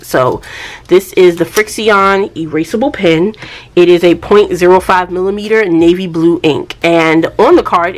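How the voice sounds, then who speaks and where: Woman, lowish voice, casual unboxing vlogger, friendly chat to camera. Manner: chatty, addresses viewers as y'all.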